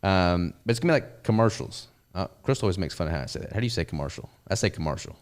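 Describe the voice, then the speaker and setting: Deep-voiced Southern man chatting casually. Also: lively intonation, very fast, clear, resonant tone. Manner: easygoing, rambling with fillers. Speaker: podcast host and business owner. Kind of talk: casual chat.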